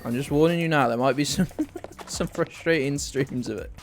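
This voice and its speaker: A man's voice: a little high, moderate pace, a little hiss or hum. A man chatting casually and swearing as he streams a game to his viewers. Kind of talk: casual live-stream chat.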